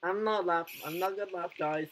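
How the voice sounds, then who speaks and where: A man hosting a reaction video in casual commentary, excitable and full of halting restarts and repeated exclamations. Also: sits high, noisy background.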